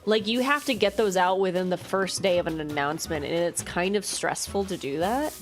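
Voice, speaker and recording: A woman streamer chatting casually while playing a game, excitable and full of "like" and quick reactions. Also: fairly low pitch, faint music behind. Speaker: live streamer.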